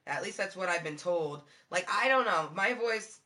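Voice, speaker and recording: A woman streamer chatting casually with her viewers, with a low-toned voice, rambling through fillers, swearing and giggling. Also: animated, moderate pace, bright, forceful tone. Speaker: live streamer.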